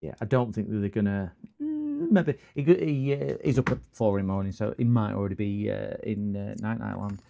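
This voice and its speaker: A man's voice: lowish voice, fairly even intonation, a little fast, vocal fry, hardly any pauses, warm tone, dull audio, a little hiss or hum. A man hosting a repair livestream, chatting casually and rambling with lots of fillers. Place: home workshop.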